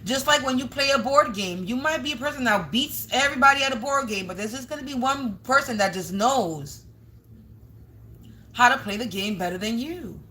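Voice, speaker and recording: A woman's voice: fairly high pitch, animated, normal speed, pushed and bright, a little hiss or hum. A woman tarot reader speaking, delivering a blunt, scolding monologue to her viewers, swearing often and raising her voice at times. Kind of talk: confrontational livestream monologue.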